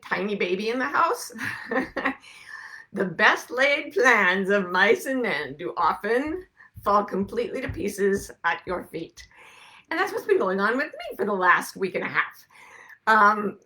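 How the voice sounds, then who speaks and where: On a webcam, a woman with a fairly high, sharp voice hosts a relaxed live broadcast. She greets viewers as she chats, laughing frequently.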